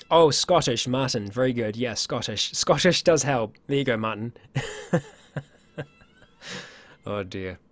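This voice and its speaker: A man's voice: mid-range voice, dry recording. A man hosting a casual livestream Q&A, chatty and upbeat, often laughing and restarting his sentences, his voice getting worn. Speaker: livestream host.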